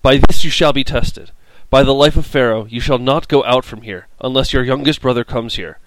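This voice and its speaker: A man's voice: mid-range voice, normal speed, no echo, close to an everyday voice, rough recording. A man reading as a stern commanding governor. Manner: commanding, formal. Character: stern Egyptian governor testing his brothers. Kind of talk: scripted scripture reading.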